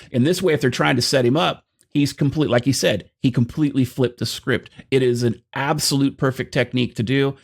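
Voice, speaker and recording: A man's voice: mid-range voice, a little fast, creaky, few pauses. Emphatic male host talking to viewers. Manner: emphatic, speaks to the audience directly. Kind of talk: casual conversation, explaining to viewers.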